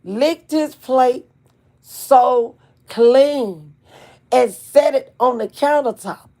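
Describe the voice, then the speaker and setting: A middle-aged woman telling a family story to her viewers in a casual, animated, folksy way, cursing freely. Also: high voice, slow, creaky. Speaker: channel host.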